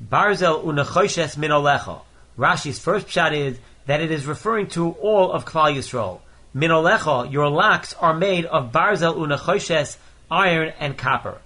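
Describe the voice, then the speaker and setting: Man, Torah lesson, reads a phrase then translates it, fairly high voice. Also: normal speed, pushed and bright. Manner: reads each Hebrew phrase then explains it in English. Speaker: Torah teacher. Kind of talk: Torah lesson, reading Hebrew verses and translating line by line.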